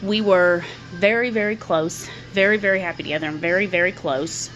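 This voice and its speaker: A middle-aged woman talks openly to her camera in a fairly low voice, circling back over her words as she works through her thoughts. Faint music plays quietly under her speech. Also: brisk, highs cut off. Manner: candid, repeats words while thinking aloud. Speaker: vlogger. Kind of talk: personal talk to camera.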